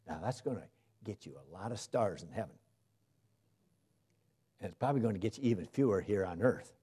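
Male preacher, lively pitch, mellow husky tone, delivers a sermon with swings between loud emphasis and soft asides. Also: fairly quick.

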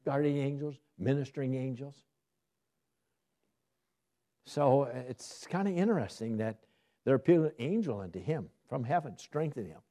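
A man's voice: medium pitch, moderate pace, long pauses. A man teaching a Bible study in sermon style, asking his listeners questions and answering them himself, lifting his voice on key words. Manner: lively, rising emphasis on key words.

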